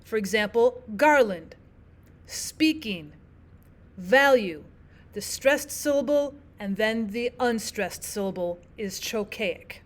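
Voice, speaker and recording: Methodical woman teacher, fairly high voice. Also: unhurried, hardly any pauses. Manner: clear, methodical, repeats key points. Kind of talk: explaining poetic meter in a recorded lesson.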